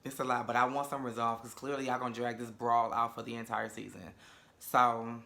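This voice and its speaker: A man's voice: mid-range voice, flat delivery, brisk, vocal fry, pushed and bright. A man giving a casual reality TV episode review, sassy and profane, with campy asides. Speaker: reality TV recap vlogger.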